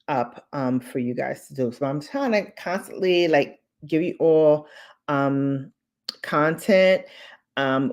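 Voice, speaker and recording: A woman YouTuber chatting casually to viewers on a live stream, relaxed and repeating her phrases as she talks. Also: rumbling low. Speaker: beauty and lifestyle YouTuber.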